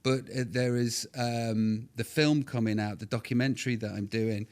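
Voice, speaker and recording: A middle-aged man, chatting as a podcast guest, rambling with quick restarts and bursts of excitement. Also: mid-range voice. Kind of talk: casual podcast interview.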